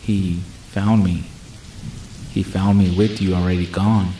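A man's voice: low voice, level tone, a little slow, dark tone, roomy sound, far from the mic, a little hiss or hum, low-quality recording. A man voicing a badly injured, defeated man who speaks faintly and with strain in a horror story. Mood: weak, grim. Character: weak, badly beaten adult man, defeated.

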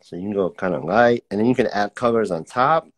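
A man's voice: lowish voice, a little fast. A young man teaching a casual live-streamed drawing class, chatty and laid-back, reading out viewer comments as he draws. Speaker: art teacher.

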